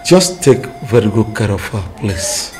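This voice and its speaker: An actor with a Nigerian accent playing an older, dying Christian father who speaks slowly and gravely. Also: lowish voice, big pitch swings. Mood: solemn. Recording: music playing behind.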